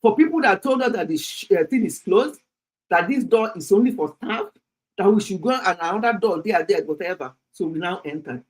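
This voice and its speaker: A Nigerian woman in her sixties with a Nigerian English accent, hosting a health livestream and telling a story in an animated, chatty way, laughing often and slipping into pidgin. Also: medium pitch, brisk, slightly rough, poor audio. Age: 60s. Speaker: health channel host. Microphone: streaming setup.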